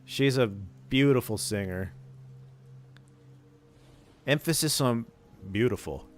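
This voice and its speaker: A man's voice: mid-range voice, unhurried, a little hiss or hum. A man streaming casually, bantering with his chat and joking at his own expense.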